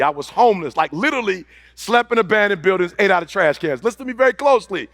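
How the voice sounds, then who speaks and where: A man with a high, gravelly voice delivers a fiery live motivational speech, repeating his points and rising into shouts. He talks fast and close, with a dry sound and no room echo. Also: expressive. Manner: impassioned, repetitive, builds to shouting; fast-talking, rushing phrases. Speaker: motivational speaker.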